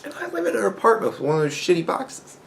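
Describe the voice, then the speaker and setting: A man's voice: high-pitched, wildly swooping pitch, fast talker, gravelly, slight background noise. A man hosting a podcast, ranting casually in a profane, rambling way and laughing between points. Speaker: podcast host. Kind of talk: casual solo commentary rant.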